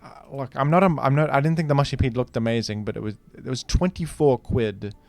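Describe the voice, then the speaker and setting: A man's voice: mid-range voice, brisk, a little mellow, no room sound. Man rambling through joking commentary. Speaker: gaming video host. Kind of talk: casual commentary while playing.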